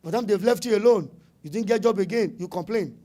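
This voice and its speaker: A middle-aged man with a Nigerian accent giving an animated conference talk to business owners, emphatic and repetitive, slipping into pidgin phrases. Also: sits high, fast. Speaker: summit speaker.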